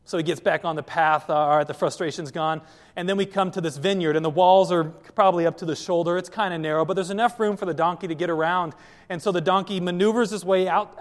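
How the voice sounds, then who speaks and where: Male pastor, sermon, lively storyteller, high voice, large hall with long reverb. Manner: lively storytelling, addresses listeners directly.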